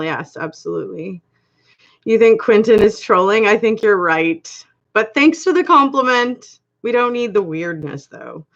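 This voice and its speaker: Dull, lo-fi audio carries a woman's casual livestream, where she reads comments, addresses viewers by name, and laughs frequently. Her voice is a little high and a bit bright, and she speaks with a slight accent.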